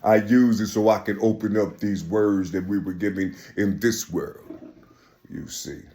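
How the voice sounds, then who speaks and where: A man delivering an impassioned religious monologue as a preacher, emphatic and repetitive, swinging from raised, shouted lines to a low murmur. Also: steady tone, a little slow.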